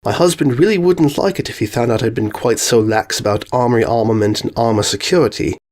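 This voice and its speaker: A woman voicing a kind, gentle adult pony princess who speaks softly and warmly. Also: rumbling low, fairly quick. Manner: warm, conspiratorial.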